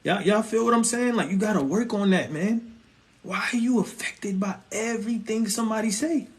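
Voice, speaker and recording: A man's voice: sits high, moderate pace. A young man giving a casual, slangy preaching monologue on faith and relationships, often asking listeners if they feel him. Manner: animated, conversational, slangy, keeps asking "you feel me". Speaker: Christian vlogger.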